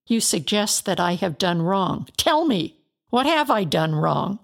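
A woman reading the part of a broken, grieving man in a storybook, slow and anguished in his pleading. A gravelly fry roughens the voice. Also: medium pitch, animated, heavily acted.

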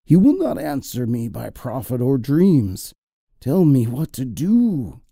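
A man voicing a desperate disguised king who speaks low, urgent and pleading, in an audio drama. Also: huge pitch swings, slow pace, vocal fry, mellow, no echo, studio quality, heavily acted.

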